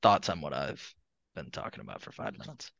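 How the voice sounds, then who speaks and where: A man's voice: extremely low pitch, sing-song, fairly quick, vocal fry, a bit bright, no echo. A man co-hosting a podcast, rambling through a casual sports chat and laughing between points. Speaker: podcast co-host. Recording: slightly muffled lo-fi audio.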